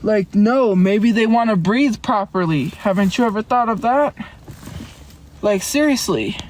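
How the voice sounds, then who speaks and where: A woman livestreaming from inside a car, chatting in a rambling, defensive way and answering her chat with quick laughs. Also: mid-range voice, lively intonation, darkish tone, slight background noise.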